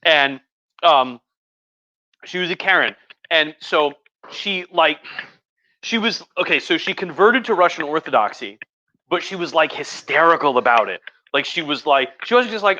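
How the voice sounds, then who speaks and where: A man's voice: on the high side, sing-song, normal speed, sharp tone, no echo, dull audio. A drunk male history professor giving a rambling, profane, chatty livestream lecture from home, with many restarts.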